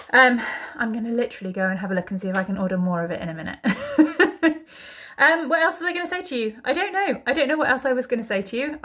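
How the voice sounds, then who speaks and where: A woman's voice: fairly high pitch, bright, forceful tone. A woman chatting casually to camera in a home vlog, rambling along with lots of ums. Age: adult mother. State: out of breath. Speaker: vlogger.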